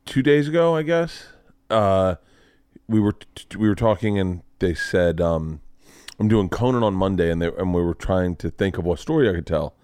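A man's voice: low-pitched, animated, normal speed, a little mellow, clean tone, dry recording, studio quality. A middle-aged man hosting a podcast, in a playful casual chat. He laughs easily and acts out the lines when he retells a story. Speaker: podcast host.

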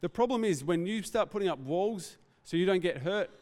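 A man's voice: high-pitched, animated, normal speed, a little mellow, long reverb tail. Earnest man preaching a sermon. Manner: earnest, reflective, speaks off the cuff. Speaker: pastor.

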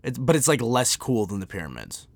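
An American man hosts a podcast with a sarcastic, off-the-cuff rant that keeps tripping over its own restarts. His pitch leaps all over the place as he gets worked up. The sound is dry and close. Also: fairly quick, vocal fry, no room sound. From United States. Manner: animated, sarcastic, rambling with restarts. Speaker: podcast host. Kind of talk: unscripted comedic rant.

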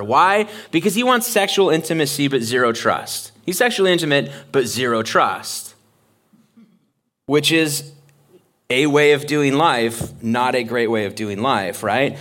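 A man preaching a casual sermon, talking in a conversational, joking, animated way. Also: medium pitch. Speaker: pastor.

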